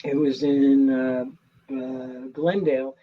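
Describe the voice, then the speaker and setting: A middle-aged man, an actor, telling stories in a casual interview, earnest and animated with many restarts. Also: mid-range voice, slow, slightly rough, highs cut off.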